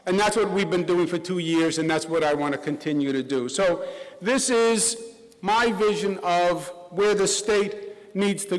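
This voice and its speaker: A middle-aged man with a Queens New York accent, giving a governor's speech in a loose, conversational way full of asides and restarts. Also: high-pitched. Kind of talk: public policy speech. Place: large college auditorium. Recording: long reverb of a big hall.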